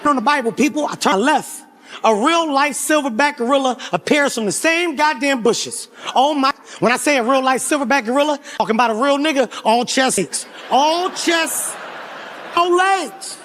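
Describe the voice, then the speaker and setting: A man in his forties telling a profane stand-up story on a live stage, animated and often shouting. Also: very high-pitched, moderate pace, slight background noise. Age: 40s. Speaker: stand-up comedian. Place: live comedy stage before a crowd.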